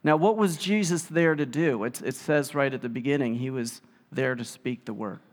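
A man preaching a sermon, telling the story in a lively way and acting out the quotes. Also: mid-range voice, normal speed. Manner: animated storytelling, acts out quotes. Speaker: pastor. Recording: long hall reverb.

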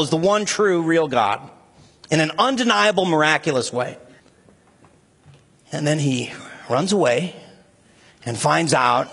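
A man's voice: fairly bright tone, breathy edge. A man preaching a sermon as a pastor, speaking with passion and rising emphasis. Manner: impassioned, rising to emphatic high pitch when stirred.

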